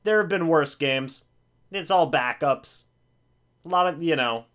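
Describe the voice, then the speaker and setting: Excitable man reacting live to a game. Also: fairly high pitch, a little slow. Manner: excitable, pleading with players, self-mocking humor. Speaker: live-stream reaction host.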